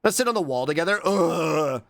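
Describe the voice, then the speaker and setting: A streamer chatting casually with viewers while reacting to clips, playful and swearing, with sudden high squeaky exclamations. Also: big pitch swings, unhurried, fairly bright tone. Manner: playful, swears casually, reads chat aloud and thanks viewers.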